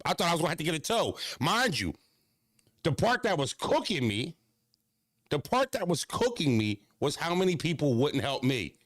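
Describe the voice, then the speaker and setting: A male stream host with a somewhat high voice tells stories to his live chat at a moderate pace, loose, animated and freely profane, swinging hard between excited highs and low, mocking lows. The recording is dry and close, with almost no room sound.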